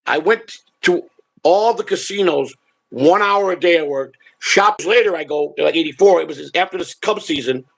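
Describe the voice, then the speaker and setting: Gravelly, husky older man. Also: a little high, moderate pace, fairly bright tone, poor audio. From Chicago. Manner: rambling, profane, repeats words. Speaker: show host telling stories. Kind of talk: casual storytelling chat.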